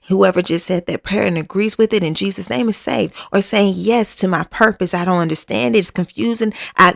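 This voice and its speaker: A woman podcast host leading a fervent spoken prayer, pleading and repeating herself, often dropping to a hushed, near-whispered delivery. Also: medium pitch, creaky, no room sound, clean studio sound.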